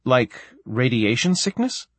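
A man's voice: medium pitch, big pitch swings, measured pace, slightly rough, dry recording, pitched above the performer's own voice. A man voicing a worried, demanding father. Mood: anxious. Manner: insistent questioning.

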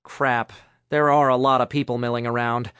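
A man's voice: mid-range voice, level tone, moderate pace, a bit bright, clean tone, dry recording, studio quality, close to an everyday voice. A man voicing an earnest, reassuring young man in a spoken story.

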